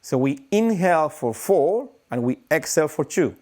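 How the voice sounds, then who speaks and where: Male breathwork teacher, live stream, animated, slightly higher voice, demonstrates breathing with sighs. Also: normal speed.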